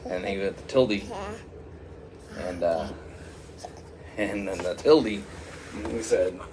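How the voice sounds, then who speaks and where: A man improvises a goofy story in a somewhat low voice. He rambles and halts, often restarting his sentences. A faint hiss sits behind him. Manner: rambling, halting, many restarts.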